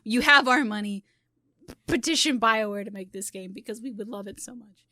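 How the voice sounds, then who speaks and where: Bright chatty woman on a dry mic. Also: fairly high pitch, fairly quick, no room sound. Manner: chatty and animated, laughing often. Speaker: YouTuber and podcast co-host. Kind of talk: casual gaming podcast chat.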